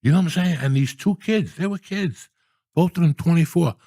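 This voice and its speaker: A man in his sixties telling profane, animated stories in a casual comedic chat, often ranting in mock outrage. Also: a little high, a little fast, no room sound, studio quality. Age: 60s. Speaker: podcast guest storyteller.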